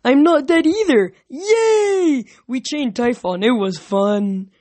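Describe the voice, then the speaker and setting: A man doing a high, gleeful giant Cyclops. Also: takes it slowly, heavily acted. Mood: excited. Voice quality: high and excited. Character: childlike young male Cyclops, huge and cheerful.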